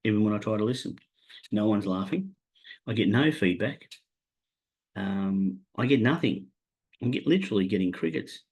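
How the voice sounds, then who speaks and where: A man's voice: fairly low pitch, expressive, moderate pace, pauses often, a little mellow, slightly rough. An Australian man hosting a podcast alone, rambling through horse racing tips in a self-mocking way and talking to his absent co-hosts. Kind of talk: solo casual chat.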